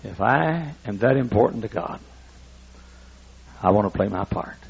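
A man in his sixties preaching a sermon, emphatic and repetitive as he builds toward shouting. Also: on the low side, lively intonation, measured pace, creaky, husky, dull audio. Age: 60s. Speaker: pastor.

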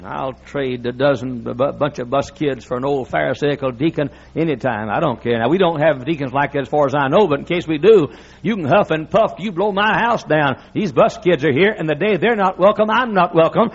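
A man's voice: fairly high pitch, fairly quick, slightly rough, dull audio. A male pastor preaching a sermon with impassioned, folksy delivery and frequent laughter.

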